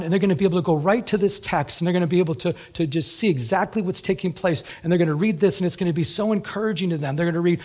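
A man's voice: high voice, fast talker, few pauses, breathy edge. A man preaching a sermon as a pastor, telling stories in a conversational way, often repeating words.

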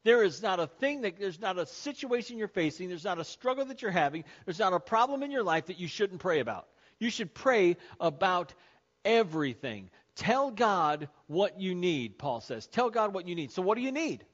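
A pastor with a notably high voice preaches a sermon, driving his points home by repeating key phrases and slowing right down on the words he wants to land. The recording sounds dull and muffled, like lo-fi sermon audio. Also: very animated, fairly bright tone. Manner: emphatic, repeats key phrases, slows for stress.

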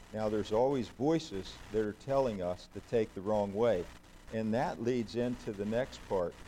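A man's voice: fairly low pitch, warm tone, a little hiss or hum, poor audio. A man, a pastor, preaching a conversational sermon and putting questions to the congregation.

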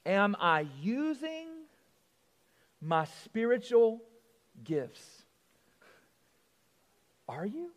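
A man preaching a sermon as pastor, telling a joke story with lively swings from loud to hushed. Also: high-pitched, drawn-out words, pauses often, long reverb tail.

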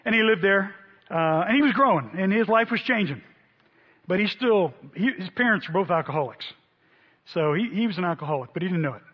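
Animated high-voiced preacher man. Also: a little fast, husky. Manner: animated storyteller, voices quotes loudly. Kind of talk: sermon storytelling. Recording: dull sound in a long-reverb hall.

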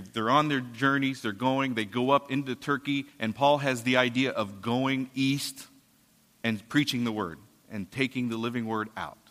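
Man, preacher, casual storytelling sermon, mid pitch, long hall reverb. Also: a bit bright. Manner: casual storytelling, paraphrasing scripture.

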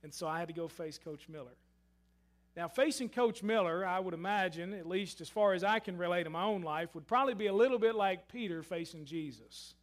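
A man preaching a sermon and telling a story, shifting between loud emphasis and hushed asides. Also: high voice, fairly quick. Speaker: pastor.

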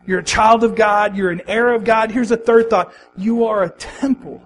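A man with a very high voice preaches with passion. He repeats key phrases for emphasis and pulls the congregation in with questions and call-and-response. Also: fairly even intonation, moderate pace, hardly any pauses, rough recording. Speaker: pastor. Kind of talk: sermon.

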